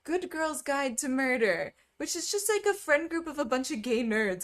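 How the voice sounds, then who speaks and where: A woman's voice: sits high, lively intonation, normal speed, hardly any pauses. A woman streaming casually, chatting with viewers while she stitches, full of wry asides and frequent laughter.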